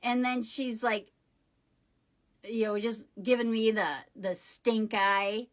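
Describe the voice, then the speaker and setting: A woman's voice: a little high, steady tone, slow. A woman vlogger telling a personal story to the camera in a casual, rambling way, often correcting herself. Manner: chatty, rambling retelling with self-corrections.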